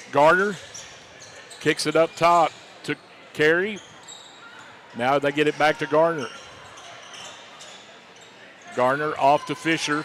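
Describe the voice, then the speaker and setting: A man calling high school basketball play-by-play, rapid-fire, rising to shouts on big plays. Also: slight background noise. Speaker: play-by-play announcer.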